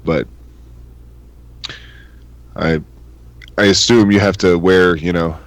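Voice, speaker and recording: Low-voiced crude male podcast co-host. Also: steady tone, slow. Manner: crude, joking, acts out quotes. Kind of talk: casual chat.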